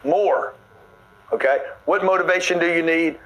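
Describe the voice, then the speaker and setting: A man's voice: a little high, moderate pace, fairly bright tone, rough recording. A man giving a blunt, preachy motivational talk, pushing his listeners hard. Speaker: motivational speaker.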